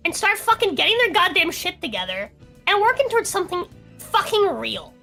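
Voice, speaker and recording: A woman's voice: very high voice, very animated, brisk, creaky, bright, forceful tone, faint music behind. A young woman, drunk and swearing heavily, ranting on a casual streamed podcast as co-host.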